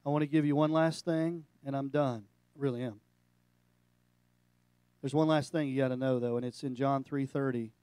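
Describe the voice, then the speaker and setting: A middle-aged male pastor giving a sermon, animated and storytelling, breaking into jokes. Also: mid-range voice, normal speed, pauses often, clear, resonant tone, dry recording.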